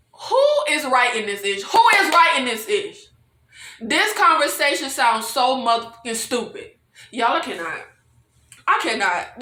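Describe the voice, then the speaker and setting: A woman's voice: high-pitched, pushed and bright, reverberant. A woman vlogger recapping a TV episode in a casual, exasperated rant, calling her viewers "y'all", swearing and laughing between lines. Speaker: TV review vlogger.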